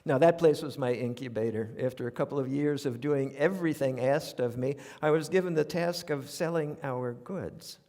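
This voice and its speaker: A gravelly older New York man, medium in pitch, talks at a moderate pace with hardly any pauses. He's a radio commentator performing his essays on a theater stage before a live audience, delivering a humorous storytelling monologue full of wry, conversational, animated asides. The live theater recording carries a long reverb.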